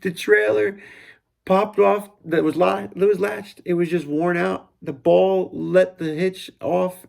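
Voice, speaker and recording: A man's voice: high voice, creaky. A middle-aged man in a casual, rambling reflective monologue, often breaking off and quoting his own thoughts aloud. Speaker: vlogger.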